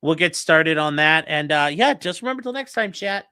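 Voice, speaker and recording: A man's voice: a little high, lively intonation, moderate pace, pushed and bright, smooth. A young man hosting a late-night livestream, joking crudely and reading chat messages aloud from home. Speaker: livestream host reacting to a trial.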